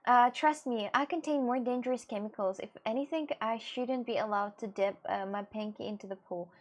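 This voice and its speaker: A woman's voice: on the high side, a little fast. A woman streaming live, chatting playfully with her viewers and teasing them with mock-serious claims. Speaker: streamer reading chat. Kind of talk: casual live-stream chat.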